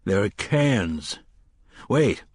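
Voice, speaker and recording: A man voicing a grim, stoic gunslinger in an audiobook, calm and terse, with a husky voice. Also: fairly low pitch, very slow, dry recording, clean studio sound, full character voice. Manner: calm and terse, commanding when pressed. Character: grim, stoic male gunslinger, hardened wanderer. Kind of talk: audiobook character voice.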